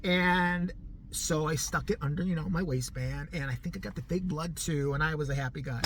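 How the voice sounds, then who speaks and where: A middle-aged man telling a story casually to the camera, animated and profane, laughing often as he goes. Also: fairly high pitch, normal speed, noisy background. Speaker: vlogger.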